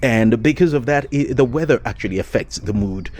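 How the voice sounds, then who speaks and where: A man's voice: mid-range voice, animated, a little fast, darkish tone. A man vlogging in a casual, rambling monologue, hesitant with many fillers and restarts and frequent chuckles.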